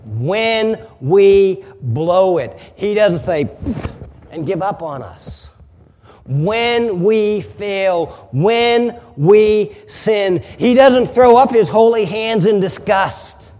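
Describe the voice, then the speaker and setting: A man preaching a sermon as a pastor, emphatic, building louder on repeated phrases. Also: high-pitched, expressive, extremely slow, long reverb tail.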